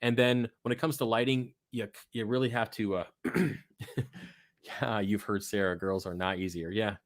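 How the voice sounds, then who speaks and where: A man's voice: on the low side, little pitch movement, moderate pace, no room sound, studio quality. A young adult man hosting a live aquarium Q&A, chatting casually and bluntly with some swearing, his voice worn from talking. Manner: blunt, profane, rambling, self-mocking. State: losing his voice. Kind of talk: casual live-stream chat.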